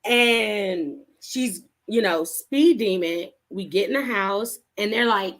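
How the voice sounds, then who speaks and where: A woman author and interview guest, telling her story in a casual, animated way, acting out the voices of people she quotes and laughing often. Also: mid-range voice, takes it slowly, few pauses.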